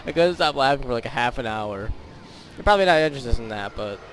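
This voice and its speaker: A man's voice: medium pitch, animated, normal speed, a bit bright, slight background noise. A teenage boy giving rambling, goofy commentary over a game he is playing, with silly sound effects. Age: teens. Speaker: gaming YouTuber. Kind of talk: casual gameplay commentary.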